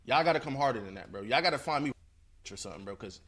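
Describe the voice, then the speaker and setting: A man's voice: mid-range voice, expressive, racing, fairly bright tone. A man speaking casually in a played clip, sounding dismissive and defiant.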